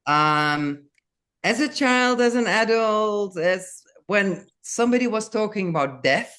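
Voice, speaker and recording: Older woman guest, slow and halting delivery with restarts, mid-pitched voice. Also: lively intonation, a bit bright. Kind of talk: casual interview.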